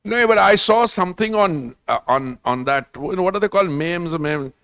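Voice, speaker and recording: An older man with an Indian English accent speaks as a government minister on a festival panel, talking in a discursive, digressive way and slipping Hindi phrases into his speech. His voice is high, animated and a bit bright, fairly quick, with a clean tone and a dry recording.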